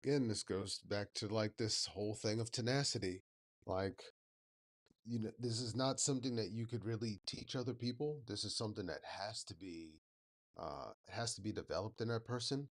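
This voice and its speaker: A man's voice: fairly low pitch, normal speed. A man hosting a reaction video, giving thoughtful commentary and searching for words with many fillers. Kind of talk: reflective commentary.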